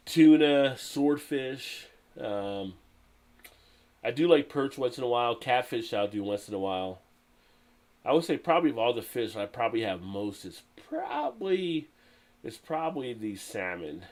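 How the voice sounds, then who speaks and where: A man hosting a live stream in a casual chat. He reads viewer comments aloud, greets people and laughs often. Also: mid-range voice.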